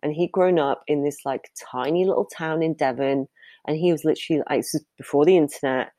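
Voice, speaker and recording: A woman's voice: low voice, a little fast, dark tone, no room sound. A woman, a professional dominatrix, answering interview questions in a candid, chatty way and laughing easily.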